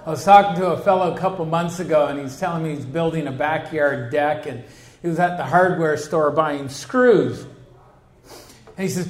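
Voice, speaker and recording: A man's voice: on the high side, animated, measured pace. A man giving a humorous recovery talk to a convention, acting out the people in his stories. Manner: storytelling, acts out quoted people. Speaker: recovery speaker. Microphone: handheld mic. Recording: echoey hall.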